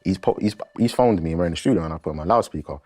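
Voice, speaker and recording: A rapper, telling a story in an interview in an animated way and acting out the voices of the people in it. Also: male voice, low voice, racing, faint music behind.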